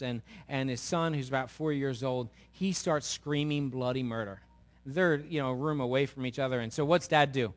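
A male pastor giving a sermon in a conversational, storytelling way with emphatic asides. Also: fairly high pitch.

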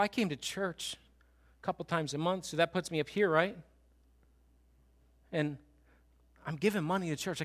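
A man preaching a sermon, moving from animated, loud passages to hushed, slow and intense appeals. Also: high voice. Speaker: pastor.

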